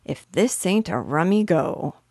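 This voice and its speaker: Woman playing a storybook burglar, rough and uneducated, slow drawled exclamations, dry close sound. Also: on the low side, animated, warm tone, dry recording. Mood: amazed.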